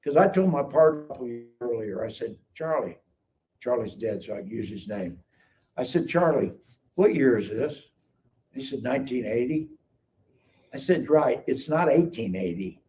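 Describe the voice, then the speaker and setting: A man's voice: mid-range voice, moderate pace. Older man telling his story. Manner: animated storyteller acting out dialogue. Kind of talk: casual testimony storytelling. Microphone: live stream call mic. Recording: distant mic with faint noise.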